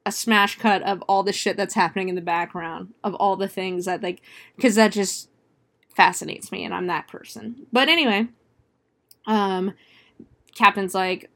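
A woman's voice: mid-range voice, fairly even intonation, normal speed, a bit bright. A woman casually retelling a movie plot in a chatty, profane way, full of fillers and laughs. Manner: laughs often while retelling. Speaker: film reviewer.

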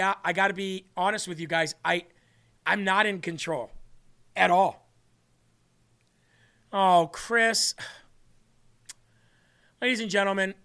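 Bright, high-voiced excitable male host. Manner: earnest, excitable, restarts and laughs often. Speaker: host of an online faith show. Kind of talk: live-stream talk, reading viewer comments.

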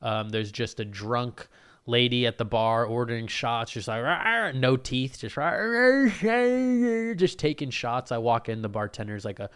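Animated young man telling a story. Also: medium pitch, moderate pace, smooth. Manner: animated, profane, self-mocking. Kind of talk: casual storytelling.

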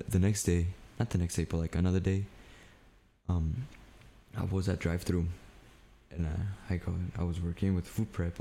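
A man's voice: sits low, vocal fry, dark tone. A young man co-hosting a podcast, telling a story in a loose, profane way, full of "like" and "dude". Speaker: podcast co-host. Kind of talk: casual storytelling chat.

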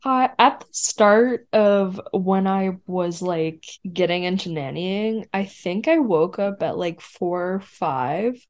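A young woman co-hosting a casual podcast, chatty and quick to laugh. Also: mid-range voice, lively intonation. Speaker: podcast co-host. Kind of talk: casual chat.

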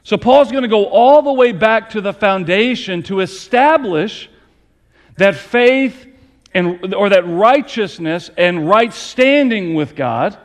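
A man's voice: high voice, in a large hall. A middle-aged man and pastor preaching a sermon with earnest, emphatic rising stresses.

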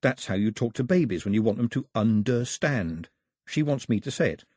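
A man's voice: medium pitch, animated, moderate pace, darkish tone, husky, dry recording, clean studio sound. A man voicing a curious, earnest island boy in an audiobook, thinking things through aloud. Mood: puzzled. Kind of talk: audiobook character voice.

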